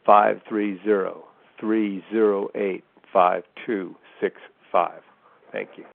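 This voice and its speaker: A man's voice: fairly low pitch, fairly even intonation, slow pace, creaky, no room sound. A man calling in to a show, making an earnest, heartfelt plea. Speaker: caller. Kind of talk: phone-in call. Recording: tinny phone line.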